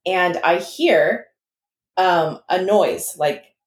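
A woman's voice: on the low side, drawn-out words. Young woman telling a story in an echoey room. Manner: animated storytelling, swearing freely. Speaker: podcast co-host. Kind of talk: casual chat.

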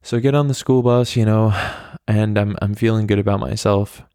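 A low, gravelly American man spins a rambling personal story, leaning on fillers and the odd curse. His tone is dark and mellow, and the recording is close and dry with no room around it. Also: steady tone, fairly quick, no echo. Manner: rambling, frequent "like" fillers, candid and profane. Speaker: podcast host. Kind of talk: casual storytelling monologue.

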